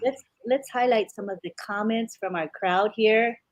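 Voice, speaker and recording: A woman hosting a live webinar, reading viewer comments aloud in an upbeat, steady way. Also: medium pitch, measured pace.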